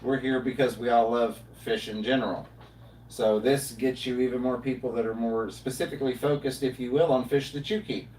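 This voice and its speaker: A man hosting a casual livestream chat, talking in a relaxed, rambling way with lots of fillers. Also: medium pitch, fairly quick. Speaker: livestream host. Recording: roomy, distant mic, faint noise.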